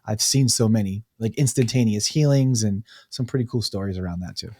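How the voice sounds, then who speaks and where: A man, a guest on a talk show, telling stories in an animated way, acting out quotes and laughing easily. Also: lowish voice, fairly quick, no echo. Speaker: breathwork facilitator, guest. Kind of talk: casual storytelling interview.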